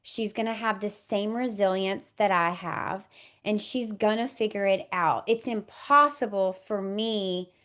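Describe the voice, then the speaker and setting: A woman's voice: mid-range voice, measured pace, fairly bright tone. A woman in her thirties, a doula and podcast guest expecting her first baby, speaking in an earnest, heartfelt, reflective way. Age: 30s. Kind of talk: podcast interview conversation.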